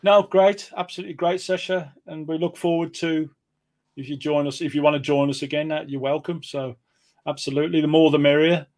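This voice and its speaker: A man's voice: on the high side, steady tone, brisk, a little mellow. A man with a Midlands accent co-hosting a podcast, easygoing, agreeing a lot and laughing often in casual chat. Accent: West Midlands English. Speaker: podcast co-host.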